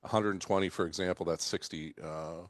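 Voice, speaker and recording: Low-pitched guy talking through how a spirit was made, dry mic, bit hesitant. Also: steady tone, dry recording. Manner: measured, explaining, with hesitations. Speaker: distiller guest. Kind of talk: casual radio chat.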